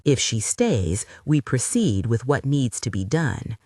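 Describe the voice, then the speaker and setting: Brief: measured courtroom lawyer, firm softness voiced by the narrator, dry close sound. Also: male voice, medium pitch, sing-song, breathy edge, no room sound, exaggerated voice. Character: lawyer, firm but soft-spoken man.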